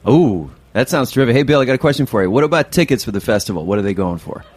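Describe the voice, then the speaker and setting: A man chats on a radio show with an animated, swinging pitch. He sounds eager and jokey, throwing in quick reactions and questions. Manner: enthusiastic, jokey. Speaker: radio show regular guest. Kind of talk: casual radio chat.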